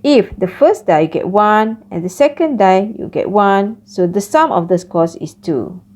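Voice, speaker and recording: A woman giving a recorded math lecture, explaining each step slowly. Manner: slow, lively pitch, explains step by step.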